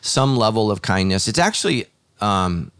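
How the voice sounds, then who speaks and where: A man's voice: fairly low pitch, sing-song, moderate pace, fairly bright tone, clean tone, no echo, clean studio sound. A man, a pastor hosting a podcast, talking in a thoughtful, earnest way with many fillers and restarts. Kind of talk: casual podcast conversation.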